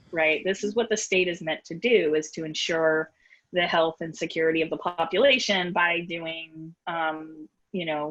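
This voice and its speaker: A woman with a Boston accent explains her research on a video-call panel. She talks briskly and tosses in self-deprecating asides. Her fairly low voice comes through muffled, lo-fi call audio. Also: a bit bright. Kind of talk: academic panel discussion.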